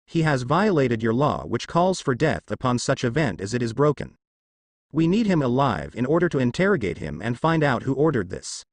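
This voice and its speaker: A grave, measured old village leader, voiced by a male storyteller. His voice is close-miked and dry. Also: mid-range voice, sing-song, gravelly, no room sound.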